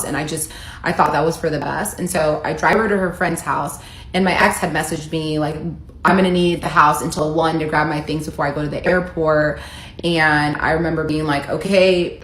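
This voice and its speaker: A woman's voice: sits low, fairly bright tone. A woman in her thirties from the United States earnestly recounting a personal story in a vlog. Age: 30s. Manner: earnest, emotional retelling, reading out texts. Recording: echoey room with faint ambient noise.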